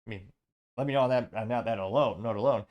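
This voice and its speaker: A man's voice: lowish voice, darkish tone. Sarcastic man hosting political commentary. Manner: sarcastic, halting, with restarts. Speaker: host.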